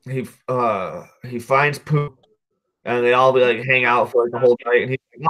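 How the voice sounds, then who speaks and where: This man's mid-range voice is fairly bright, with fairly even intonation and a moderate pace. Hosting a podcast, he rambles through a movie recap, swearing a lot, dropping "dude" and "like," and often circling back to fix what he just said.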